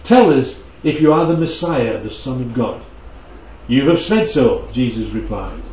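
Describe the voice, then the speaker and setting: A man's voice: medium pitch, lively intonation, unhurried, mellow. A man preaching a conversational Bible teaching, often checking in with his listeners. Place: church hall. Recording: dull, echoey hall from far off.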